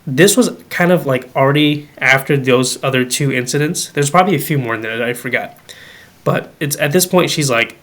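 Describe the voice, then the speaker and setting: With a mid-range voice and a fairly quick pace, a young podcast guest chats about a family ghost story. He brings quoted lines to life by acting them out, and his speech is animated and peppered with "like" and "um."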